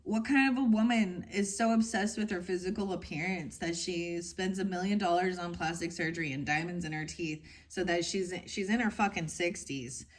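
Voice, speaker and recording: A woman's voice: fairly low pitch, normal speed, few pauses. A woman giving a casual tarot reading to her viewers, rambling and frank, going off on tangents. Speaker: tarot reader.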